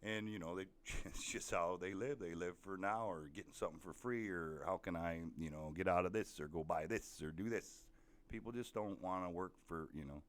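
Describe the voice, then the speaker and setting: A man with a very low voice delivers a casual, profane rant. He talks bluntly and rambles as he tells his story, swearing freely, the way a podcast host does in his own solo show. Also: fairly bright tone.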